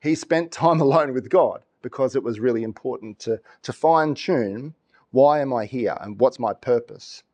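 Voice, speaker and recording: A man's voice: mid-range voice, normal speed. A middle-aged man preaching a sermon, telling stories with laughs and acted-out voices. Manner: animated storytelling, laughs often, acts out voices. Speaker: pastor.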